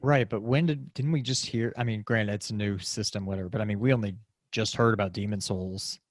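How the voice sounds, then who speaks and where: A man's voice: fairly low pitch, brisk, no room sound, studio quality. A man co-hosting a casual gaming podcast, talking in a hesitant, hedging way. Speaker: podcast co-host.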